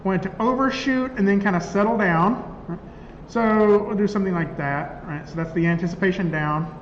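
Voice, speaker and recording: A high-pitched man teaching a class in a conversational way, often checking with the room. The sound is echoey with a long reverb tail, a dull lo-fi quality and faint room noise. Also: a little fast. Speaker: instructor. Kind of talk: classroom software lecture.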